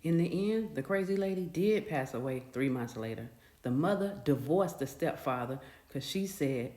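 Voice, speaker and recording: A woman casually narrating a dramatic story in a chatty, animated way. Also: low-pitched, normal speed. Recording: echoey room.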